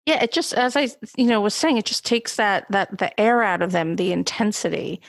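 A woman's voice: medium pitch, lively intonation, normal speed, vocal fry, dry recording, studio quality. A woman co-hosting a podcast on therapy skills, chatting casually, laughing easily and joking about herself. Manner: warm, laughing easily, self-deprecating. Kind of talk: casual instructional chat.

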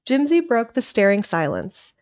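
A woman's voice: fairly high pitch, big pitch swings, normal speed, darkish tone. Woman reading an old storybook aloud. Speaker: narrator. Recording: dull lo-fi home recording.

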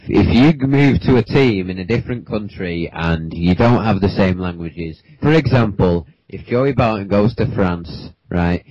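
A man's voice: low voice, a little mellow, dry recording. A British man hosting a casual football podcast, rambling with lots of likes and you knows. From Britain. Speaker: podcast host. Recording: dull lo-fi podcast mic.

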